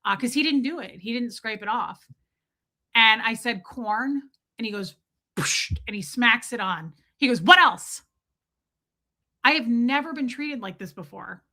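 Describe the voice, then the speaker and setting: Bright, animated woman telling a rant. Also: on the high side, normal speed. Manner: animated, acts out quoted voices, swears when worked up. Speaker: vlogger. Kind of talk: casual storytelling rant.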